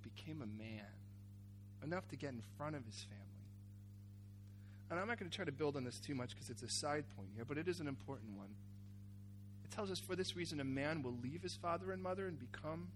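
A man preaching a sermon, acting out a Bible scene with cries, shouts and asides to the congregation. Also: a little high. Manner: animated, acts out characters with cries and shouts. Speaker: pastor.

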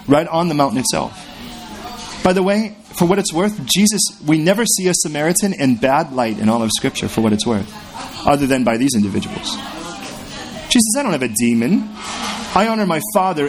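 A man preaching a sermon in a conversational, storytelling way, acting out the voices in his anecdotes. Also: on the high side. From California. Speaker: pastor.

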